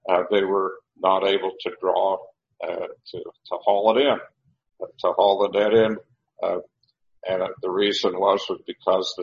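A man with a lowish voice works through scripture verse by verse, explaining the text in a relaxed, conversational manner. The recording is dull and lo-fi, with muffled highs. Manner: unhurried, conversational, explains as he reads. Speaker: Bible teacher. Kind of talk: verse-by-verse Bible teaching.

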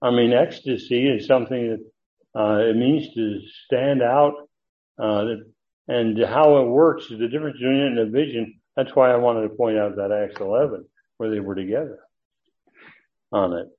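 A man teaching a verse-by-verse Bible study lecture, talking in a halting way with frequent fillers and restarts. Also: mid-range voice. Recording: tinny phone-like audio.

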